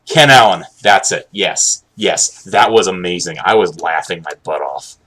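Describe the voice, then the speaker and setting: A young man chatting casually while live streaming, rambling and halting with many restarts and an occasional sarcastic aside. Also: low-pitched, pushed and bright. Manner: candid, sarcastic at times.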